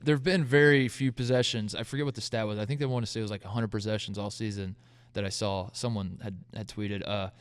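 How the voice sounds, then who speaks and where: A man co-hosting a sports podcast, telling stories in a casual, animated way and acting out what other people said. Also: lowish voice, fast, clear, resonant tone, no echo. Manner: animated storytelling, acts out quotes in jokey voices. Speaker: podcast co-host.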